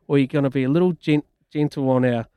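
A chatty man co-hosts breakfast radio, teasing and upbeat. His voice sits at an average pitch and sounds dry and close to the mic. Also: quick pace, dark tone, smooth, dry recording. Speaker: radio co-host.

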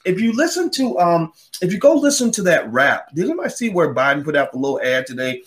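Brief: male podcast host, sarcastic, heated, animated talker, pitched a bit high. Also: quick pace, hardly any pauses. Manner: heated, sarcastic, mocks others in put-on voices; animated, swings pitch widely. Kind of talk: opinion monologue.

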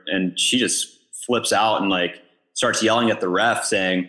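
A man co-hosting a casual podcast, telling a story in an animated way and often repeating words as he goes. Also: low voice, moderate pace. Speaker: pickleball pro and podcast co-host.

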